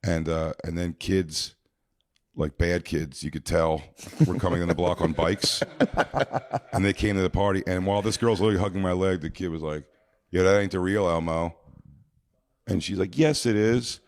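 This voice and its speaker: A man with a very deep voice tells a crude, rambling story as a podcast guest, backing up and restarting as he goes. The sound is dry and close, with no room echo at all. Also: steady tone, fairly quick, darkish tone. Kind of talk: casual storytelling.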